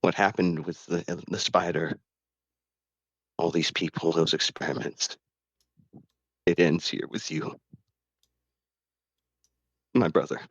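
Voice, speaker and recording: A man's voice: sits low, fairly even intonation, slow, long pauses, slightly rough, no echo, highs cut off, full character voice. A man playing a grieving male warrior bound by an oath, talking in a tearful, pleading way.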